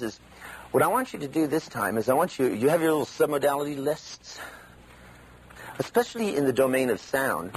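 A man giving an animated live seminar lecture, acting out the inner voices he describes. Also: mid-range voice, slight background noise, rough recording.

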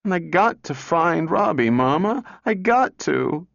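A man's voice: mid-range voice, animated, unhurried, dry recording. A man voicing a small girl who talks in an earnest, polite, breathless way. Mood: tearful. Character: small pleading girl searching for her robot. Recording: dull dry recording.

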